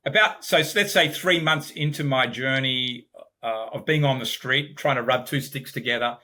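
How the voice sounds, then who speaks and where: Bright-voiced Australian man telling his story. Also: medium pitch, normal speed. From Sydney, Australia. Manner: reflective storytelling, repeats words at starts. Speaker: guest, business founder. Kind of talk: podcast interview.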